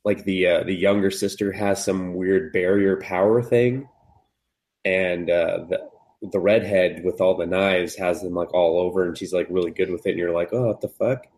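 A man with a fairly low voice co-hosts a casual, swear-filled podcast, recapping an anime with acted quotes. He animatedly switches to high, squeaky voices for each character, then settles back into his relaxed, ordinary delivery.

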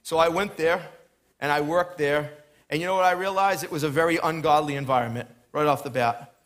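A man with a somewhat high voice delivers a sermon from a church stage. He tells his own story in a chatty, storytelling way, then builds into emphatic preaching. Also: a bit bright. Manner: storytelling, chatty, quick asides with laughs. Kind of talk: sermon with personal testimony.

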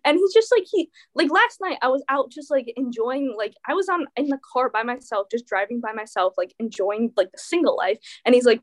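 A woman's voice: high voice, a little fast, few pauses. A teenage girl telling a dramatic personal story in casual chat, full of fillers and quoted dialogue. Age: teens. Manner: animated storytelling, many fillers. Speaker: teen guest.

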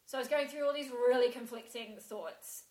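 A woman telling a painful personal story in a halting way, with many restarts and fillers. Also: a little high, darkish tone. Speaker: guest sharing a personal story. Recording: roomy echo.

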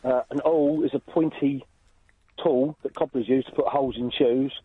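A man's voice: mid-range voice, steady tone, normal speed, breathy edge, no room sound. A man calling a radio phone-in, giving a dry, matter-of-fact explanation. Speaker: caller. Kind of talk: phone-in call. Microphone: telephone. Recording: lo-fi phone line.

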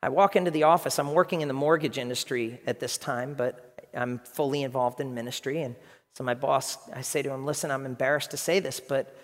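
A man in his fifties, a pastor preaching a sermon with animated, emphatic storytelling. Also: mid-range voice, fairly quick, big-room sound. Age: 50s.

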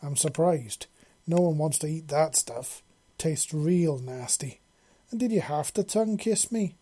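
A man's voice: on the high side, a little slow, mellow, breathy edge. A man voicing a young black-furred feline girl who sounds timid at first and then speaks bluntly. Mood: frank.

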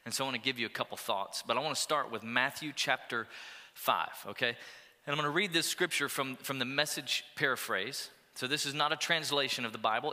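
A man preaching a sermon as pastor, energetic and urging, with call-and-response asides to the congregation. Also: mid-range voice, big-room sound. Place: church auditorium.

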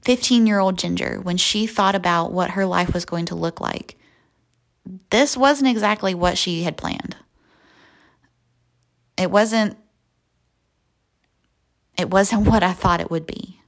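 A young woman hosting a devotional podcast, slowly and softly guiding a visualization, sometimes dropping to a whisper. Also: on the low side, vocal fry. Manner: slow, soft and reflective, often near a whisper. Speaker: podcast host. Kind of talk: guided visualization and devotional talk.

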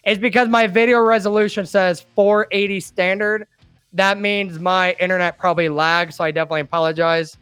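High-voiced chatty man on a live stream. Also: fairly even intonation, a little fast, a bit bright, clean tone, no echo, soft background music. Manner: rambling and chatty, with laughs and restarts. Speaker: host and admin of a trucking group. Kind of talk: casual live stream chat, reading viewer comments. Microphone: desktop microphone.

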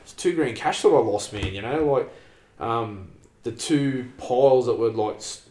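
A man's voice: medium pitch, lively intonation, normal speed, darkish tone, roomy sound, slight background noise. An Australian man telling a long story in casual chat, rambling and sweary, peppering his talk with "man" and "like".

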